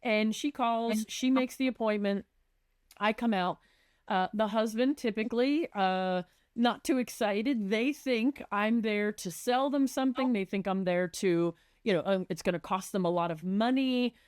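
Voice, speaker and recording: A woman's voice: medium pitch, measured pace, darkish tone, clear, resonant tone, no room sound, studio quality. A woman who works as a residential designer, chatting on a podcast and animatedly acting out conversations with clients.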